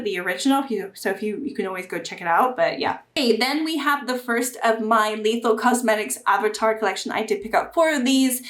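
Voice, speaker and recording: Woman, casual makeup review, chatty, gushing, slightly high, roomy echo. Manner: chatty, gushing, bursts of excitement. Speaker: beauty YouTuber.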